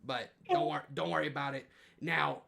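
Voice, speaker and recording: Man playing a laid-back adventurer, gravelly, reassuring, raised voice. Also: on the high side, steady tone, moderate pace, pushed and bright, a little hiss or hum, heavily acted. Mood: easygoing.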